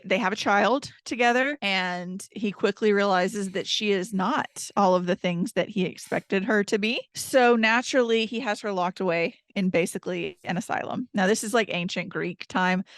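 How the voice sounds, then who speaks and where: A woman from Georgia, co-hosting a podcast and recapping books in a chatty, animated way. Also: medium pitch, no echo, studio quality. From Georgia, American South. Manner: chatty, animated book recapping with many fillers. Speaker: podcast co-host. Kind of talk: casual podcast chat.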